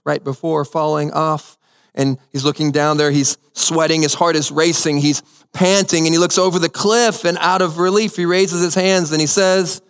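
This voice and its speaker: A man's voice: on the high side, steady tone, moderate pace, vocal fry, clear, resonant tone. Man, pastor, sermon, repeats phrases for emphasis, reverberant church. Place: church sanctuary.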